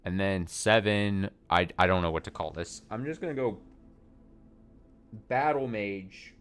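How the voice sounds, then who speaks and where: Deep-voiced guy streaming a puzzle game, talks it through out loud, swears a lot, mocks himself. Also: lively intonation, moderate pace, clean tone. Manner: thinks aloud, swears casually, self-mocking. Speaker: let's play streamer. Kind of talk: casual gameplay commentary.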